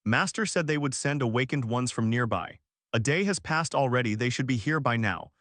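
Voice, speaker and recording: A man reading a young hero who speaks thoughtfully and sounds uneasy. The lines come in a lively storybook read. The recording is close and dry. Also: mid-range voice, moderate pace, dry recording, lightly acted.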